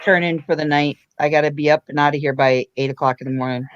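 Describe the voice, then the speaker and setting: Host, woman, lowish voice, friendly chat, dull lo-fi call audio. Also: steady tone, fast talker, a little hiss or hum. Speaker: host of a trivia night call. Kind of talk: casual chat.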